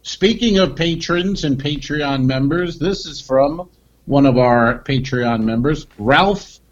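Dry rambling podcast host, lo-fi. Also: male voice, fairly high pitch, takes it slowly. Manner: dry, meandering, many fillers. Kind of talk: casual banter.

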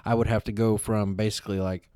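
A man spins a long, rambling story in casual podcast chat. His voice sits low and sounds smooth and resonant, recorded close and dry. He swears freely and keeps stopping to say "like". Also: fast, no echo. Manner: animated storytelling, heavy swearing, frequent fillers. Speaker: podcast co-host.

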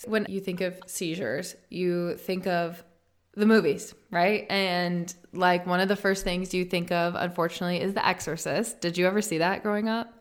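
A woman's voice: on the low side, steady tone, normal speed. Woman hosting a chat. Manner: reactive, blunt, playful. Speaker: podcast host. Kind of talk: casual interview chat.

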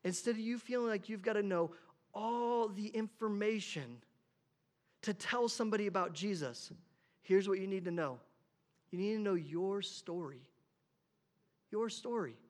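Male pastor, high-pitched, casual sermon delivery with frequent word repeats. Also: measured pace, pauses often. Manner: conversational, repeats words at the start of phrases. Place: church.

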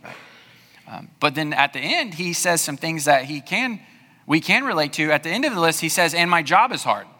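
A man's voice: on the high side, animated, normal speed, pushed and bright, big-room sound. A male pastor preaching a sermon, talking conversationally and checking in with rhetorical questions.

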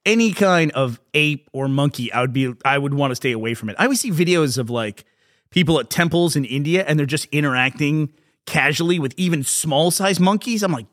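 A man's voice: a little high, lively intonation, fairly quick, a bit bright. A man co-hosting a casual podcast, joking, laughing often and swearing casually. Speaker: podcast co-host. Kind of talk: casual chat.

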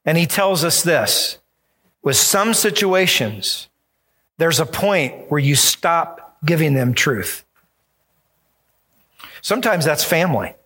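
A man's voice: on the high side, expressive, takes it slowly, pauses often, fairly bright tone, slightly rough. A male pastor preaching a sermon, emphatic and acting out the voices he quotes.

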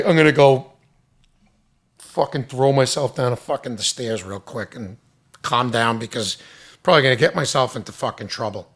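A man who runs a restaurant, angrily venting in a loud, profane, exasperated rant. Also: mid-range voice.

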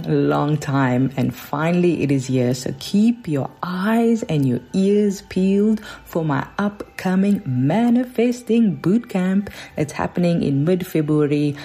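A woman hosting a podcast, giving a slow, earnest outro narration. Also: low voice, mellow, husky. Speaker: podcast host. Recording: faint music underneath.

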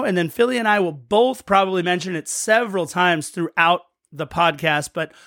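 A man's voice: high voice, bright, forceful tone, no echo, studio quality. A man co-hosting a podcast, chatting through a match recap in a storytelling, play-by-play way. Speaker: podcast co-host.

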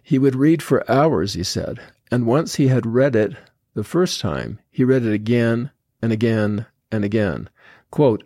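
A man hosting a podcast, reading quotes from a letter aloud in a slow, earnest way with many pauses. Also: fairly low pitch, expressive, a little mellow, dry recording, clean studio sound. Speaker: podcast host.

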